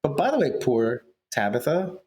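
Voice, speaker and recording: A man co-hosting a podcast, chatting casually with his co-host. His tone is teasing and jokey, and he likes to poke fun and bait a reaction. His pitch sits in an ordinary middle range for a man. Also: big pitch swings, normal speed, a little mellow, soft background music. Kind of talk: casual chat.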